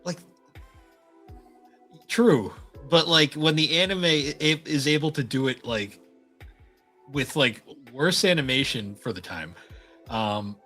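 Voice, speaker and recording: Bright husky man on a podcast. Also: on the high side, slow pace, long pauses, faint music behind. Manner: laid-back, hesitant with ums. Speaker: podcast co-host. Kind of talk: casual chat.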